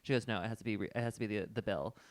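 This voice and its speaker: A man's voice: lowish voice, rapid-fire, no echo. A young man co-hosting a podcast, telling a story in casual chat and acting out both sides of the conversation. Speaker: podcast co-host.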